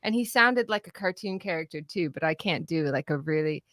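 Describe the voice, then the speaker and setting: A woman's voice: low-pitched, expressive, fairly quick, a bit bright, dry recording, studio quality. A woman from Canada, chatting animatedly in a casual political discussion, laughing often and mimicking the people she talks about. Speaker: political commentator.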